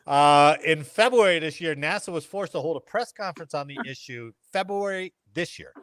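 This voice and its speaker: A man's voice: fairly high pitch, normal speed, a bit bright, clear, resonant tone, no echo, clean studio sound. A man hosting a casual podcast, reading news articles aloud and breaking off for joking asides. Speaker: podcast host.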